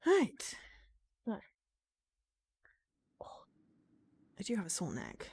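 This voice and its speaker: A woman's voice: mid-range voice, huge pitch swings, takes it slowly, darkish tone, breathy edge. A woman game streamer chatting casually with her viewers, rambling with lots of fillers and easy laughs. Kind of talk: casual gameplay chat.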